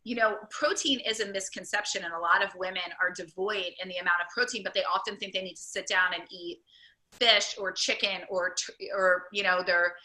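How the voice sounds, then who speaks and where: An upbeat woman coach chatting in a casual interview, her voice bright and sharp. She rushes through ideas in eager bursts, filling gaps with "like". The room around her rings with echo. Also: mid-range voice, fairly even intonation. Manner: enthusiastic, talks in quick run-on bursts with many "like"s. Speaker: weight loss program coach and host. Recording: echoey room.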